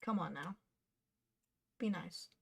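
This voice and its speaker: A woman's voice: on the low side, slow, gravelly, slightly rough. A woman streaming her cosplay patterning work, chatting casually and muttering to herself as she works. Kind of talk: casual live-stream chat while working.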